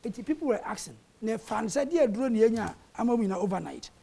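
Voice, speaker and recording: Panelist, raspy with gravelly edges, argumentative and insistent. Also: medium pitch, animated, rapid-fire, dark tone. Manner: argumentative, mixing Twi and English. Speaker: panel guest. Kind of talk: heated political debate. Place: television studio.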